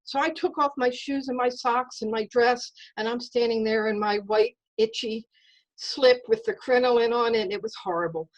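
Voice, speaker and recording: A woman telling a personal story in an earnest, measured way over a video call. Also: fairly high pitch, fairly even intonation, lo-fi sound.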